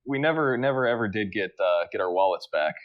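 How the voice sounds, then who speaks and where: A man with a fairly low voice co-hosts a casual comedic podcast. He spins a deadpan yarn in a halting way and often stops to restart his sentences. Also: lo-fi sound. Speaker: podcast co-host.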